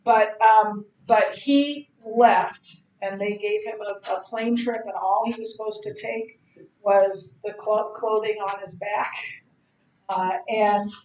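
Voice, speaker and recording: A middle-aged woman teaching a Bible study lecture, halting often with ums and restarts. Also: mid-range voice, steady tone, a little mellow, roomy sound, poor audio. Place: church classroom.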